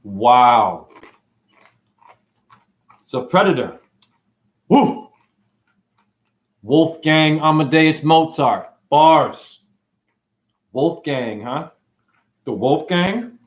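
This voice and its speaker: A man hosting an online show, rambling through playful wordplay in a sing-song way, with sudden high whoops and drawling asides. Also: expressive, extremely slow, long pauses. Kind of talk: rambling livestream monologue.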